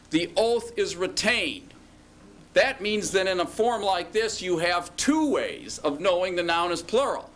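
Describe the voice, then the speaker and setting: A man's voice: high voice, a bit bright, slight background noise. A man teaching a classroom lecture, patiently asking students questions and drawing out words as he explains.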